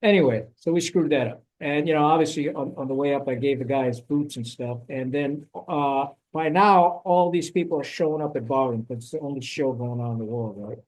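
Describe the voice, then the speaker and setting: A middle-aged former Marine tells a war story during a casual podcast chat, animated, occasionally swearing and acting out what people said. His mid-range voice moves briskly with hardly any pauses, and the audio is poor.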